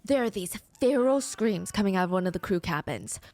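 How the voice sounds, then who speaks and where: A woman's voice: mid-range voice, animated, brisk, a little mellow, no echo. A woman telling a true story in a dramatic way, acting out the voices of the people in it. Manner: dramatic, acts out the screams. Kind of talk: storytelling narration.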